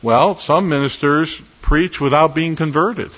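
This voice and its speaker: A man's voice: fairly high pitch, a bit bright. Male pastor, earnest emphatic sermon delivery, long hall reverb, slightly muffled sound. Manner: earnest, emphatic preaching with measured pauses.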